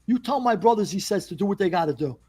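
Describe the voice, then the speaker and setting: A man's voice: high-pitched, lively intonation, quick pace, dark tone, slightly rough. A man with a New York accent, a former mobster guest telling stories in a casual interview and acting out the dialogue he quotes.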